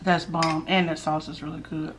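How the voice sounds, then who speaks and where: A middle-aged woman hosting a mukbang at home, chatting casually with viewers while eating and sometimes dropping to a hushed voice. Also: deep voice, flat delivery, moderate pace, a little hiss or hum. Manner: chatty, talks while chewing, drops to a hushed voice for gossip. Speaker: mukbang host.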